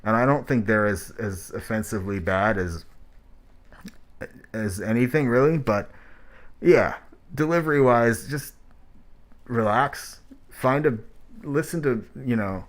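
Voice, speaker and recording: A man's voice: medium pitch, a little slow, long pauses. A man hosting track reviews in casual spoken critique, talking in a blunt, rambling, profane way, his voice muffled by a mask. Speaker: host reviewing rap tracks.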